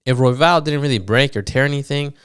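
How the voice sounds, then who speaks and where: A man recapping fights on his podcast in a loose, animated monologue, swearing often and full of fillers. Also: medium pitch, fairly quick, clean tone, dry recording, clean studio sound. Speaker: podcast host.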